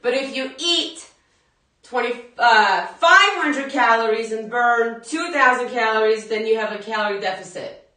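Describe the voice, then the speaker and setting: A slightly high, slightly slow woman's voice with a sharp tone comes from a fitness instructor leading a live workout. She chats straight to viewers and laughs often, while a far-off phone mic records her in an echoey room.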